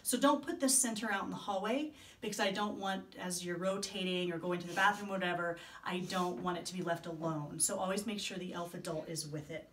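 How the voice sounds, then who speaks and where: A woman's voice: fairly low pitch, fairly quick, hardly any pauses, fairly bright tone, a little hiss or hum. A woman explaining training materials to volunteers in a friendly, chatty way, with many ums and asides. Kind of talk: instructional training video.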